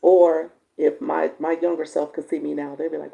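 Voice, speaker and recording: A woman live-stream coach with a raspy voice, chatting casually with viewers and reading their comments. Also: low voice, flat delivery, moderate pace, dull audio. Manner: chatty, warm-toned, laughs often, answers viewers by name.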